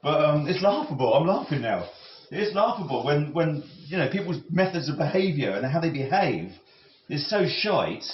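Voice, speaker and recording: Brief: male cooking vlogger, rambling, halting restarts, slightly higher voice, roomy dull-sounding kitchen audio. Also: very animated, a little hiss or hum. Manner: musing, halting, with frequent restarts. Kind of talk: rambling talk while cooking.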